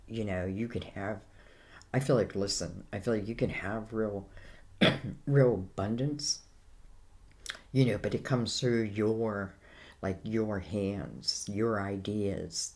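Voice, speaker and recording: A woman's voice: very deep voice, darkish tone. An Irish woman giving a casual, rambling tarot reading, full of fillers like "you know" and "I feel like". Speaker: tarot reader.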